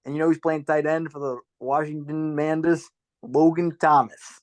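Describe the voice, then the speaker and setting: A man's voice: a little high, little pitch movement, moderate pace, dry recording. A man co-hosting a podcast in casual chat, friendly and encouraging to his co-hosts. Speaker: podcast co-host.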